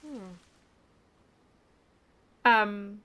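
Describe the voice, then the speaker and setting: A woman's voice: mid-range voice, extremely slow, sharp tone. A woman streaming a video game, chatting casually and animatedly with a questioning lilt.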